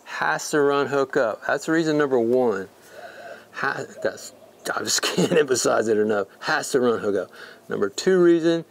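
A man giving a casual, folksy fly-fishing tutorial, emphatic and repeating words for stress. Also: mid-range voice. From Texas.

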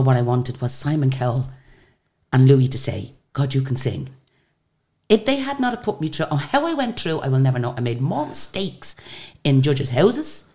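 Irish woman in her 60s, low voice that jumps around a lot, chatty singer spinning stories. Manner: chatty, lively storyteller with frequent restarts. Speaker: interview guest, singer. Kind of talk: casual storytelling interview.

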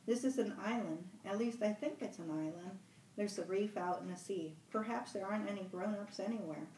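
A woman's voice: mid-range voice, a little fast, dark tone, slight background noise, close to an everyday voice. A woman voicing a casual, offhand fair-haired boy, reading aloud from a novel. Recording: roomy room, mic at a distance.

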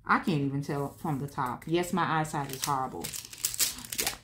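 A woman's voice: low voice, normal speed, background noise. A woman hosting a home vlog, chatting casually and candidly while she crafts, rambling and talking to herself as she works. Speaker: vlog host.

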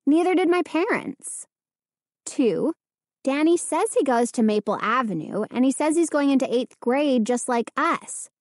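A woman's voice: high-pitched, darkish tone, no room sound, clean studio sound. A woman doing a frightened teenage girl.

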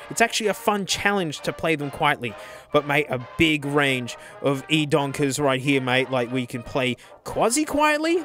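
An Australian man hosting a casual vlog as he walks through a music store, gushing over what he sees and calling everyone "mate". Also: high voice. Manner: excitable, gushing, says "mate" constantly. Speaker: vlog host. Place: indoor music store, walking around.

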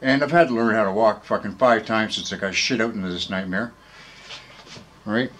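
A man with a somewhat low voice rants into a handheld phone camera in a rambling, casual vlog. He swears constantly and talks heatedly, tossing in "right?" again and again. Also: moderate pace, a bit bright, slight background noise, low-quality recording. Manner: profane and heated, keeps asking "right?". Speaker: vlogger.

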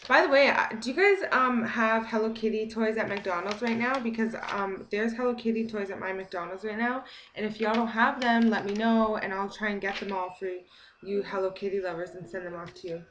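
A young woman chatting excitedly while opening a gift package, gasping and gushing over each item. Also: mid-range voice, fairly quick, highs cut off, slight background noise. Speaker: beauty vlogger. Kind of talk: excited unboxing chat. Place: home kitchen.

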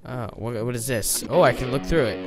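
A man giving casual let's-play commentary, chatty and excitable, often breaking into surprised exclamations. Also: medium pitch, a little fast, soft background music. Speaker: gameplay commentator.

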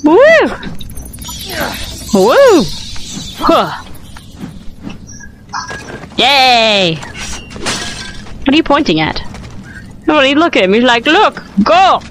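Woman gamer, high and lively, very slow, noisy background. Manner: giggly, exclamatory. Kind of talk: let's play commentary.

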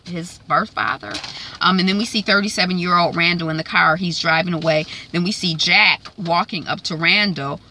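A woman's voice: lowish voice, a little fast, few pauses, sharp tone, slight background noise. A woman casually recapping a TV episode, retelling scenes and quoting characters in her own voice, with many fillers. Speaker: TV recap host.

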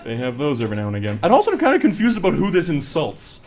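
A faint crowd can be heard as a stand-up comedian with a highish, darkish voice races through his set, his pitch swooping wildly. Holding a handheld mic, he chats, makes fun of himself, and acts out the voices he quotes.

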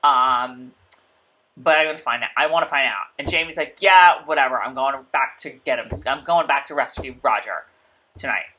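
A woman's voice: a bass voice, moderate pace, bright, forceful tone. A woman co-hosting a casual show recap, chatty and full of "like" and laughter. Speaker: podcast co-host.

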